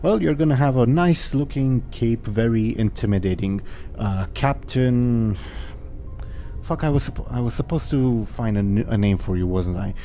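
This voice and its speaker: A man voicing a blunt, offhand male soldier who talks briskly. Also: medium pitch, mellow, soft background music, close to an everyday voice.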